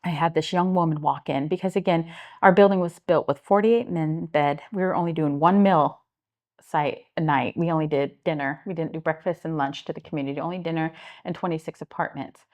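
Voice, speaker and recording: A middle-aged woman with a Midwestern American accent, speaking in a fairly low voice. She tells stories earnestly as an interview guest and acts out the people she quotes. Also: brisk. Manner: earnest, animated retelling with acted-out quotes. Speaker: guest, homeless services director. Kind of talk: interview storytelling.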